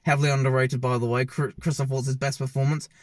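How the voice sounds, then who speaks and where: Filming himself on camera, a man delivers a casual, opinionated movie review, rambling and frequently correcting himself mid-sentence. His medium-pitched voice moves little and runs at a quick pace, and the recording is dry.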